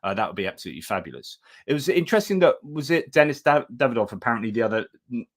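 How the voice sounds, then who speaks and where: A man's voice: mid-range voice, very animated, racing. Chatty man hosting live war news. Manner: chatty, thanks viewers, frequent restarts. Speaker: livestream news host. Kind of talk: casual live news commentary.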